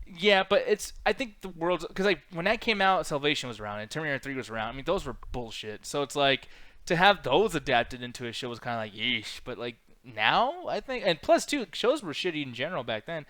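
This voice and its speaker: A man's voice: on the high side, expressive, sharp tone, no echo. A man hosting a casual podcast chat, rambling and swearing freely. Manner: rambling, profane, fast-talking. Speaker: podcast host.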